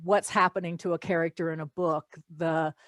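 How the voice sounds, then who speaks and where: A woman hosting an art podcast, talking in a relaxed, chatty way as she gives her listeners tips. Her voice sits on the low side. The recording is dry and close, with little room sound. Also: brisk, dry recording. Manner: chatty, wraps up with friendly advice to listeners. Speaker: podcast host. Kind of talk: casual chat.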